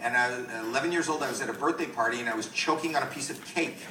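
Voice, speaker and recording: A middle-aged man from Canada doing stand-up comedy, rambling through his stories with deadpan asides. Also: mid-range voice, racing, noisy background. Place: comedy venue with a live audience. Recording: echoey club, distant mic, loud crowd.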